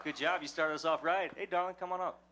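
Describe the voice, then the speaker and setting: A man's voice: on the high side, fairly even intonation, fast. A man from West Texas with a Texan accent, a folksy, joking storyteller speaking on a live fan convention panel. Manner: folksy, jokey, drawling storyteller.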